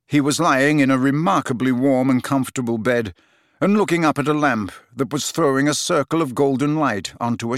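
A man's voice: mid-range voice, dry recording. Man narrating an audiobook in a dry room. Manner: steady, expressive storytelling. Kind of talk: scripted narration.

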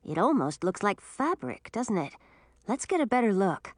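Woman voicing a gruff male ice dragon. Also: mid-range voice, big pitch swings, normal speed, dry recording. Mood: plain. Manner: growling, blunt.

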